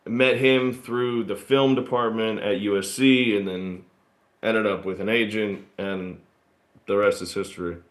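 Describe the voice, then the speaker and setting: A man's voice: fairly low pitch, measured pace. Laid-back guy telling long stories on a podcast, echoey room. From born in Australia, grew up in Texas. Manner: relaxed, rambling storyteller with fillers. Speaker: guest actor. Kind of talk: casual interview storytelling. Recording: roomy echo.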